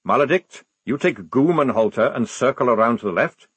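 Man doing a gruff, burly army sergeant. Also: medium pitch, expressive, fairly quick, a bit bright, no echo. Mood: commanding. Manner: barking, curt commands.

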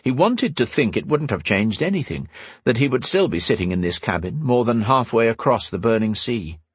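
A man reading a fantasy novel aloud in calm, even scripted narration. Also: mid-range voice, moderate pace, breathy edge, dry recording. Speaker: audiobook narrator.

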